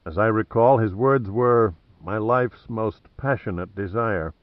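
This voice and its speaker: A man reading an audiobook plays a wry, cocky male adventurer who stays cool under threat, mocking and deliberate. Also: lowish voice, no echo, phone-quality sound, close to an everyday voice.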